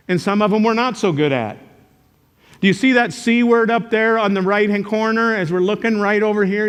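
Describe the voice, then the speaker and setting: An older man, a teacher, giving a motivational talk to a live audience, telling jokey stories with sudden loud outbursts. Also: high voice. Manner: animated storytelling, joking, sudden loud outbursts. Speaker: character education teacher and speaker. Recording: reverberant hall.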